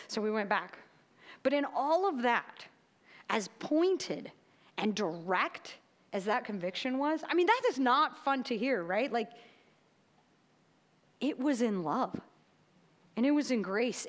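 A woman's voice: fairly high pitch, animated, measured pace, pauses often. A woman giving a sermon in a chatty, conversational way, often checking in with "right?". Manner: chatty, tags lines with "right?". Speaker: preacher.

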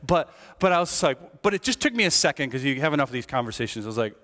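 A man's voice: medium pitch, sing-song, racing, pushed and bright. A middle-aged man preaching a sermon as lead pastor, talking conversationally and often checking in with the congregation. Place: church sanctuary. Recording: long reverb of a large church hall.

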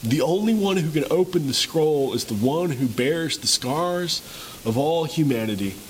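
A man's voice: a little high, expressive, moderate pace, slight background noise, poor audio. A man preaching a sermon, retelling a scene dramatically with repeated rhetorical questions. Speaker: pastor.

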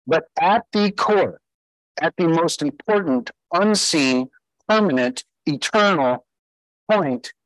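Emphatic pastor with a higher male voice. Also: lively intonation, slow, no echo, low-quality recording. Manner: emphatic, asks the listeners rhetorical questions. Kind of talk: sermon.

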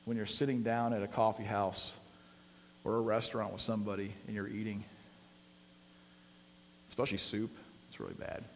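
A man's voice: on the low side, level tone, moderate pace, pauses often, a little hiss or hum. Chatty preacher man in a reverberant hall. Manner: conversational, builds to emphatic peaks with frequent fillers. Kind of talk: sermon.

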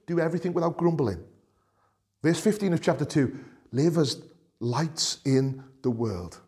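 A middle-aged man with a Liverpool accent preaching a sermon, earnest, repeating phrases for emphasis, swinging between raised and hushed delivery. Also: on the high side. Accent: Liverpool (Scouse). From Liverpool, England. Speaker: pastor.

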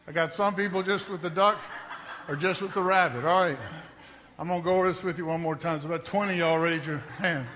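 A pastor, preaching a sermon in a church in a conversational style that climbs to emphatic peaks. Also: male voice, high voice, a bit bright. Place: church sanctuary. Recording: long hall reverb.

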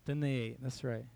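A man's voice: medium pitch, gravelly, warm tone, a little hiss or hum. A young man, a youth pastor, giving a conversational sermon in a church hall, telling a personal story and quoting his own thoughts.

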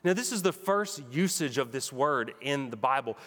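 A man's voice: medium pitch, lively intonation, normal speed, fairly bright tone, in a large hall. A man preaching a sermon with emphatic, rhythmic delivery. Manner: emphatic preaching, builds to repeated punchy phrases. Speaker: pastor.

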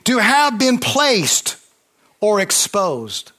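A man preaching a sermon, fervent, with call-and-response and swings between loud emphasis and quiet intensity. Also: sits high, huge pitch swings, drawn-out words.

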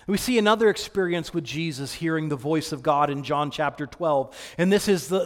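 A man preaching a sermon, swinging between hushed, quiet passages and loud, excited ones. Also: on the high side. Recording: long hall reverb.

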